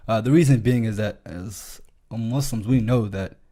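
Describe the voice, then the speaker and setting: A man's voice: on the low side, moderate pace, warm tone. A man chatting casually on a podcast about faith, with lots of "you know" and frequent affirmations. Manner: conversational, many fillers and affirmations. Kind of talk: casual religious discussion.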